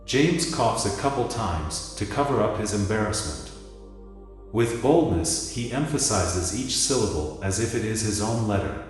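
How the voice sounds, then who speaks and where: A man narrating a story in a measured, theatrical reading. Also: fairly low pitch, expressive. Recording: echoey hall with music behind.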